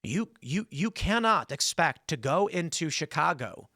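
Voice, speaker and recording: Heated man with a bright, sharp voice. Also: fairly high pitch, measured pace, no room sound, studio quality. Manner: angry, swearing, animated storytelling. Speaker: podcast host. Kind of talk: heated commentary monologue.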